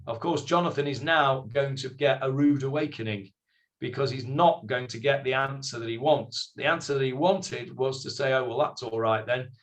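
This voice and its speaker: A man with a mid-range voice teaches a Bible study class, explaining things slowly, voicing the biblical figures in character, and putting questions to his students.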